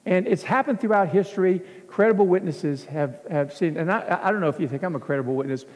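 A man preaching as pastor, telling a story in an animated way and acting out the scenes in a church. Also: high voice, fast. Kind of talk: sermon storytelling. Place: church sanctuary. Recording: long church hall reverb.

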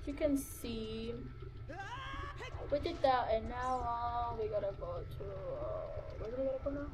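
Faint game music and heavy background noise surround a young woman, a gaming channel host, doing casual let's-play commentary. Speaking at a measured pace in a slightly high, animated voice, she's chatty and scattered, with lots of fillers and exclamations.

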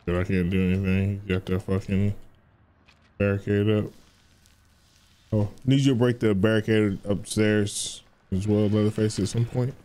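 A man's voice: fairly low pitch, flat delivery, normal speed, mellow. A man streaming a game and chatting casually, in a loose, profane, rambling way with frequent restarts. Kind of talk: casual gaming livestream commentary.

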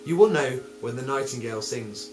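A man softly voicing a gentle kitchen maid. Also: mid-range voice, brisk, natural voice. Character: humble young kitchen maid, gentle and patient. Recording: roomy, with music behind.

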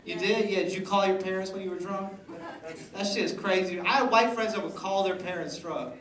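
A man's voice: sits high, a little fast, fairly bright tone, recorded from a distance. A man doing stand-up, teasing the audience with loose banter on a comedy club stage. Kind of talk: stand-up crowd work. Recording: roomy live club sound, crowd noise.

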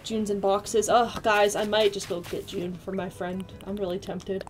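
A young woman live-streams a video game, chatting excitably with viewers and quick to squeal and laugh. Her voice is mid-range, with soft music in the background.

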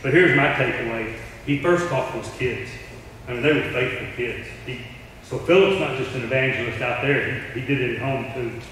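Preacher in an echoey hall. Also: male voice, medium pitch, moderate pace, a bit bright, slight background noise. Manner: storytelling, acting out quoted voices. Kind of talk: sermon. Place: large church hall. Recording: distant mic in echoey hall.

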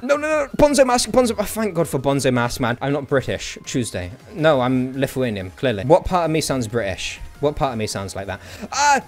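He is a young man whose fairly high voice leaps around constantly as he gives live gameplay commentary. He jokes, mock-complains and breaks into yelps and laughter at the action on screen. Faint music plays underneath. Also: brisk. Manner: excitable, jokey, bursts into laughter and yelps. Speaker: gaming streamer.

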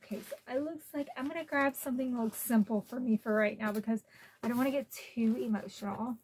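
A woman's voice: a little high, fairly even intonation, fast talker, a little mellow, a little hiss or hum. A woman hosting a casual unboxing vlog at home, chatty and openly emotional, close to tears at times. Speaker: collector channel host.

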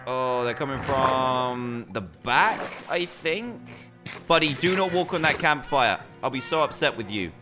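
A young British man giving excitable commentary while playing a game. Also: medium pitch, measured pace, over music. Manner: excitable, animated reactions. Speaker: gaming YouTuber. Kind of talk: gameplay commentary.

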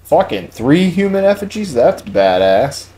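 A man playing a video game live, cursing often and breaking into loud, high-pitched outbursts. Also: sing-song, a little slow. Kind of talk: swearing live game commentary.

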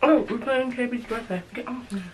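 A woman's voice: fairly high pitch, a little fast, a little hiss or hum, poor audio. A woman, the daughter, chatting casually while eating on camera, sounding fed up with being poked and teased. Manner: exasperated and chatty. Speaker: daughter co-hosting a mukbang.

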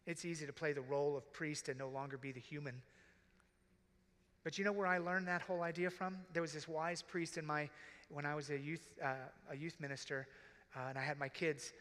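A middle-aged man, a deacon, preaching earnestly and from the heart at a conference, sometimes dropping to a hush. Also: fairly high pitch, little pitch movement, brisk. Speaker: deacon speaking to priests. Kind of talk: conference sermon. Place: large conference hall. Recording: reverberant hall.

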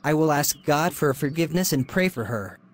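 A man voicing a stern, moralizing father in an animated drama, solemn and lecturing. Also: fairly high pitch, brisk, close to an everyday voice.

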